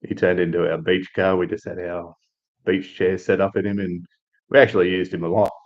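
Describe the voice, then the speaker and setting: Deep-voiced man telling a rambling story. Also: fairly quick, dull audio. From Australia. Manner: rambling, relaxed, many restarts and fillers. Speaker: live stream host. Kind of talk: casual storytelling chat.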